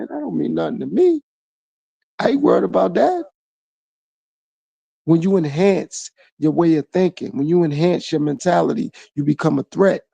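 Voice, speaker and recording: A man's voice: on the high side, gravelly, mellow, breathy edge, no echo. A man hosting his own podcast, talking through a reflective solo monologue full of repeated phrases and rhetorical questions. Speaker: podcast host.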